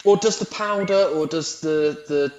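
A man's voice: on the high side, measured pace, darkish tone, highs cut off. A man playing a tabletop game, speaking hesitantly with many fillers. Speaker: player. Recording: echoey room with faint noise.

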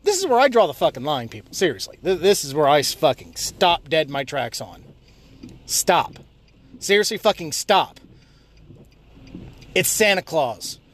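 High-pitched man ranting profanely in his car. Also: very animated, normal speed, long pauses. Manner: swears constantly, yells at other drivers. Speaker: vlogger ranting while driving. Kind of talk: profane driving rant. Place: inside a car while driving.

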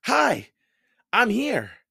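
A man doing a high, bold little girl. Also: wildly swooping pitch, slow, fairly bright tone, slightly rough, exaggerated voice. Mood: urgent. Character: young girl, bold and eager.

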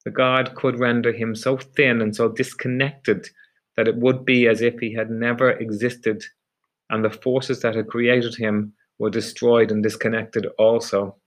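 A man narrating a dark story in a measured, deliberate audiobook reading. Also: medium pitch, level tone.

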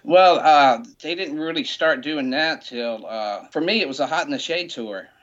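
A man's voice: a little high, normal speed, a bit bright, dull audio. A man as a podcast guest, telling stories in a rambling, casual way full of "you know.". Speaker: guest, rock memorabilia shop owner. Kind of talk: casual storytelling.

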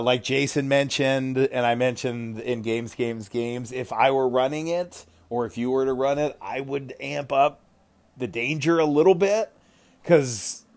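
A man hosting a casual podcast chat, talking in an animated way with frequent fillers and exclamations. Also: mid-range voice.

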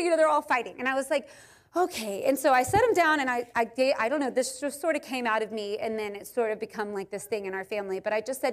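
A woman in her thirties addresses a church crowd in a relaxed, conversational sermon. Her voice sits high, and she tells family stories in a chatty, animated way, full of fillers and asides. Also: fast talker. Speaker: speaker at a church gathering.

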